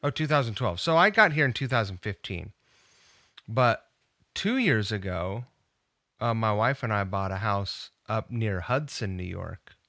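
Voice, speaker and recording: A man from Seattle hosting a podcast, chatting casually and swearing in a relaxed way. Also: on the low side, a little slow, dry recording, studio quality. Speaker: podcast host. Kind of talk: casual chat.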